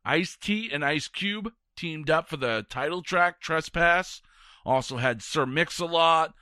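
A man's voice: a little high, bright, forceful tone, smooth, no echo, clean studio sound. A man competing on a retro game show podcast, explaining his picks in an easygoing way. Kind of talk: casual podcast banter.

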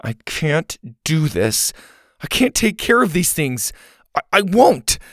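A man's voice: on the high side, very animated, takes it slowly, a bit bright, dry recording, studio quality, voice pushed up, full character voice. A man putting on an exasperated young girl. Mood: despairing. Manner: whiny, exasperated. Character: upset frustrated young girl camper.

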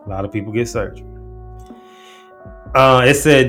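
A man's voice: mid-range voice, moderate pace, pauses often, fairly bright tone, soft background music. A man hosting a casual commentary show, talking in a laid-back, slangy way and often restarting his sentences. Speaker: host. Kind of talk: casual commentary breaking down rap lyrics.

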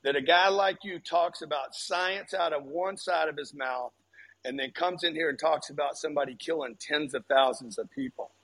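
A man's voice: a little high, normal speed, fairly bright tone. A man arguing angrily in a live audio room debate, swearing and repeating himself over a Bluetooth headset. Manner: angry, profane, repeats himself. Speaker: guest speaker. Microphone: phone headset over Bluetooth.

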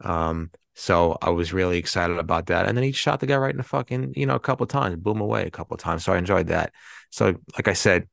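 Low-voiced man, profane rambling podcast banter, dry mic. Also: expressive, fast, creaky, a bit bright, no echo. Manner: rambling, swears freely. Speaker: podcast co-host. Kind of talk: casual movie chat.

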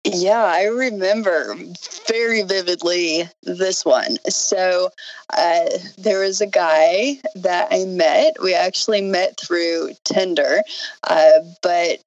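Slow, low-voiced woman telling a story. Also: a little hiss or hum. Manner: unhurried, reflective storytelling. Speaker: podcast host. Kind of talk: casual personal storytelling. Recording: dull lo-fi sound.

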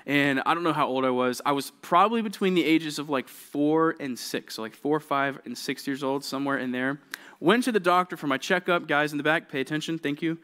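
A young man preaching to junior high kids as youth pastor, telling a childhood story in a casual, conversational way and often checking in with his listeners. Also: a little fast, a bit bright, clear, resonant tone.

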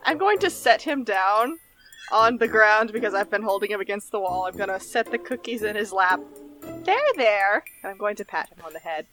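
A woman's voice: mid-range voice, fairly quick, pushed and bright, faint music behind, poor audio. A woman playing a tabletop game in an eager, playful way. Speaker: player.

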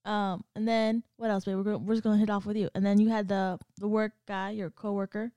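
A woman of middle pitch co-hosts a casual podcast. She is chatty and a little scattered as she nudges her partner along. The sound is dry and close. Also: little pitch movement, a little fast, mellow, clean tone, no room sound. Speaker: podcast co-host. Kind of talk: casual chat.

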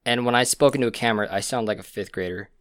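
A man's voice: mid-range voice, racing, fairly bright tone, clean tone, no room sound. A young man co-hosting a casual podcast chat, a rambling storyteller who laughs at his own stories, recorded on a podcast mic. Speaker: podcast co-host.

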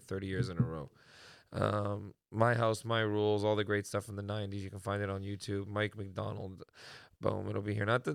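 A young man co-hosting a podcast, telling an animated, slangy story and saying "bro" a lot. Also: lowish voice, vocal fry, dry recording, clean studio sound. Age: young adult. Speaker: podcast co-host. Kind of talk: casual chat.

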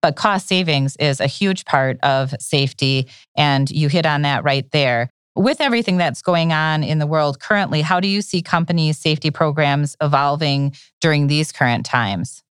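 A woman's voice: deep voice, moderate pace, hardly any pauses, clean tone, no room sound, clean studio sound. A woman hosting an interview, asking encouraging questions. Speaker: podcast host. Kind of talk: interview talk.

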